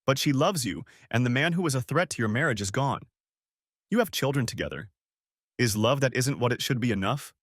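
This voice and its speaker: Man reading a calm pipe-smoking older friend for an audiobook, deep and measured, pitch moves a lot, dry close sound. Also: dry recording, lightly acted. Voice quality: deep bass. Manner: calm, measured, non-judgmental.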